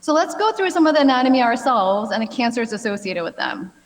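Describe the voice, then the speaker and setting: A woman's voice: fairly high pitch, big pitch swings, fast talker. Woman doctor presenting in an echoing hall. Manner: friendly, chatty, uses many fillers. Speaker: gynecologic oncologist giving a talk. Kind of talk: health expo presentation. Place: large hall. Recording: long hall reverb.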